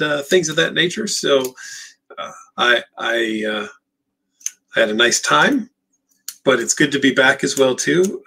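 A man's voice: mid-range voice, gravelly, pushed and bright, breathy edge. A man hosting a live Q&A as a therapist, answering viewer questions in a direct, emphatic way and often repeating words as he restarts.

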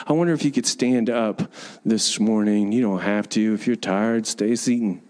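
A pastor preaching in a large church, leading the congregation in call-and-response declarations. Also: male voice, lowish voice, normal speed, a little mellow, in a large hall. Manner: builds to fervent repeated declarations. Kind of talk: sermon.

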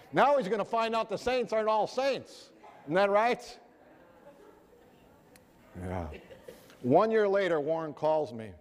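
Earnest male preacher with a high voice, heard with long hall reverb. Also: very animated, a little slow, long pauses. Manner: earnest, rhetorical questions to the audience. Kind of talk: sermon.

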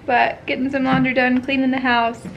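A woman's voice: sits high, little pitch movement, brisk, highs cut off, a little hiss or hum. A young woman, a mom, chatting casually to the camera in a family vlog, often cooing to her baby in a sing-song voice. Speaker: vlogger mom. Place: home.

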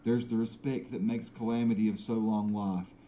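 A mellow, warm-toned tragic prince , as a man puts on a mock English accent, recites with slow, theatrical grandeur. The delivery is deliberately lofty and a little self-aware. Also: on the low side, little pitch movement, a little hiss or hum, natural voice. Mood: solemn. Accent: put-on English. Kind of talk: dramatic recitation.

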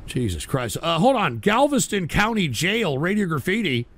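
A man hosting a call-in show, loud, abrasive and swearing as he banters with callers. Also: sits high, sing-song, moderate pace. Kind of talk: profane call-in radio banter.

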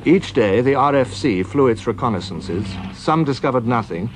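A man with a British accent narrating a documentary in a measured, formal way. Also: medium pitch, expressive. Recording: noisy old broadcast recording.

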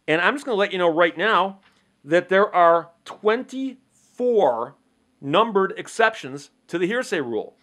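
Higher-voiced man explaining legal rules. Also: animated, measured pace, a bit bright. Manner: conversational, poses rhetorical questions, acts out courtroom exchanges. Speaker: legal commentator. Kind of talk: explanatory monologue to camera.

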